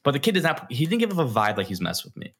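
Racing along in a mid-range, slightly rough voice, a young man co-hosts a podcast. He spins a story in relaxed conversation, animatedly acting out what people said.

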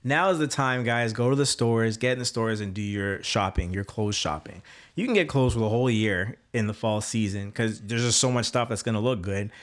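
A man's voice: fairly low pitch, brisk. A man co-hosting a podcast, chatting casually and enthusiastically about his recommendations. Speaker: podcast co-host. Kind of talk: casual chat.

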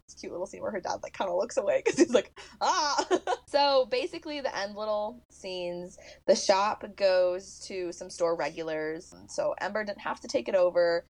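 A young woman co-hosting a casual movie podcast. Her pitch rises and falls a lot as she retells the story, packing her sentences with "like" and breaking into laughs. It sounds relaxed and conversational. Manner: animated storytelling, many "like" fillers, laughs often. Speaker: podcast co-host. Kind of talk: casual movie recap chat.

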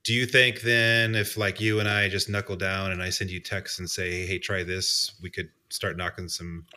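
A man co-hosting a casual podcast, joking and laughing between quick asides. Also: low voice, little pitch movement, sharp tone, clean tone. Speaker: podcast co-host. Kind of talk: casual chat.

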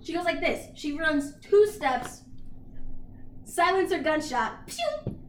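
A woman's voice: very high-pitched, very animated, takes it slowly, roomy sound, slight background noise. A woman co-hosting a casual podcast, retelling a story in a rambling way full of likes and ums. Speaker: podcast co-host. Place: apartment.

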